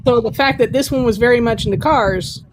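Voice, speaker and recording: A woman's voice: a little high, fairly quick. A woman guest in a casual chat, talking candidly and bluntly.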